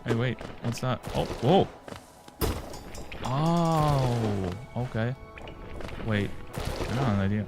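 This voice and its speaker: A man's voice: medium pitch, lively intonation, takes it slowly, long pauses, over music. A man live-streaming a game, chatting casually and joking with his chat. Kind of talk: live gameplay commentary.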